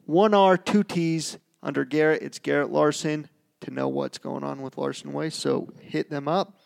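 A man's voice: a little high, steady tone, moderate pace, gravelly. A man hosting a casual podcast, talking in a laid-back way and calling his co-host dude and bro.

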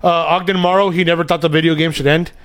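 A man co-hosting a podcast, joking loudly and swearing a lot in casual chat. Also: on the high side, flat delivery, quick pace, clear, resonant tone. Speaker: podcast co-host.

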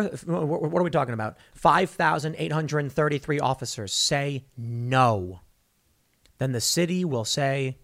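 A man's voice: a little high, vocal fry, a bit bright. Heated sarcastic male commentator. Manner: heated, sarcastic, mocking quoted voices; rushes through read-out news text. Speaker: podcast host. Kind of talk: opinionated commentary monologue.

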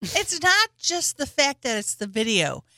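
A young woman in a casual co-hosted chat, talking in an earnest, emotional way. Her voice sits a little high and sounds bright. The recording is dry and close. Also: wildly swooping pitch, measured pace, no room sound. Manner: earnest, emotional, soft-hearted. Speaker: podcast co-host.

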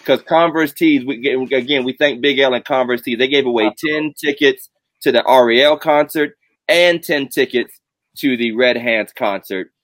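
A man's voice: medium pitch, moderate pace, fairly bright tone, no room sound. A man hosting a casual live stream, joking and drawing out his announcements. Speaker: host.

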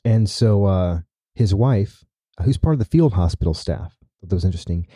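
A man's voice: deep voice, expressive, normal speed, mellow, breathy edge, dry recording, studio quality. A man hosting a podcast, retelling a story in casual chat with many "right?" asides. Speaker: podcast host.

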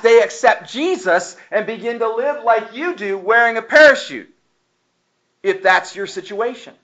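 A man preaching from the pulpit in a high, bright voice that turns sharp when he acts out a scene. He tells his stories with lively emphasis, switching between the people in them. The recording is dull and lo-fi. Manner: animated storytelling, acting out dialogue. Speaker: pastor. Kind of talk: sermon.

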